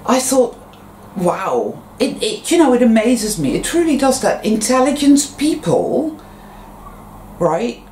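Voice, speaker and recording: A woman's voice: fairly high pitch, big pitch swings, slow, darkish tone. A woman vlogging at home, speaking her mind in a rambling, frank way and swearing freely. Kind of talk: casual monologue to camera. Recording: roomy echo, faint background noise.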